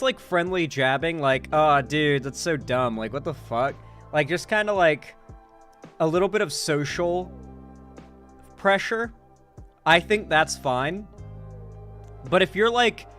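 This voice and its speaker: A man talking casually on a live stream, rambling along with lots of filler words and swearing. His voice is bright and a little high. Faint music sits under his speech. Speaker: political commentary streamer.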